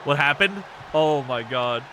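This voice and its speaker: A man with a stuffy nose, commentating a wrestling game on a livestream in an excitable, laughing, swearing way and shouting when the action picks up. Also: medium pitch, a little slow, background noise.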